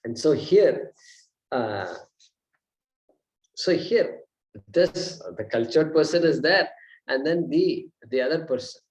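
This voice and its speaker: A man's voice: on the high side, lively intonation, slow, pauses often, low-quality recording. A man teaching a Vedanta class in a conversational lecture style, often repeating himself and asking rhetorical questions.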